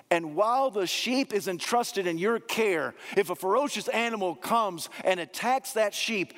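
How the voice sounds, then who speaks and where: A man preaching a sermon, emphatic, slowing down to repeat key phrases. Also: high voice. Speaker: pastor. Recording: long hall reverb.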